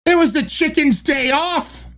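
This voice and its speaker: A man putting on a rough Scottish accent to tell a corny joke, slow and loud. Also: extremely high pitch, pitched above the performer's own voice, full character voice. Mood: hammy. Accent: Scottish, put on. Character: mock Scottish joke-teller, adult man.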